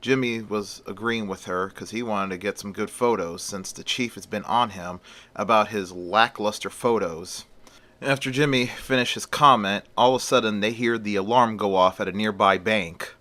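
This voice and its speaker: A man narrates a story in a loose, conversational way, as if telling it to a friend. His voice sits low but sounds bright and forceful. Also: fairly even intonation, moderate pace. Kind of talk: casual story retelling.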